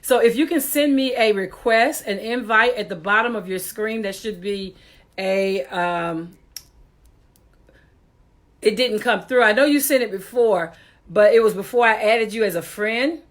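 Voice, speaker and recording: A woman hosts a casual live-stream talk show through a computer microphone. She is chatty and laughs often, with an exasperated edge about technical glitches. Her voice sits at an ordinary middle pitch. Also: measured pace.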